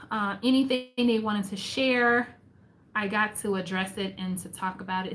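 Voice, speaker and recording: A woman hosting a casual livestream book recap, lively and exclamatory, reading passages aloud and reflecting on them. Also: medium pitch, a little hiss or hum. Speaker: host of a faith book chat livestream.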